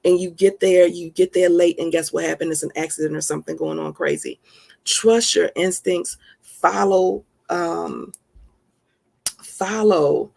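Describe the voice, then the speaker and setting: A woman's voice: on the low side, gravelly, a little mellow. A woman giving an emphatic, folksy motivational talk, calling her listeners honey. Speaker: self-help speaker.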